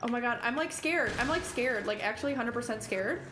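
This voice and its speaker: A woman's voice: on the high side, animated, brisk, few pauses, reverberant, loud music behind the voice. A young woman streaming a horror game, chatting with viewers and shrieking at the scares. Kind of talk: live game commentary.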